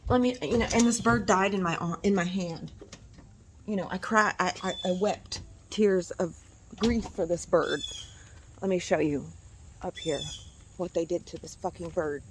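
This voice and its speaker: A woman's voice: on the low side, moderate pace, background noise. A woman vlogging about something that upset her, angry and emotional, swearing and repeating herself, outside near her house. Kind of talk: emotional personal vlog.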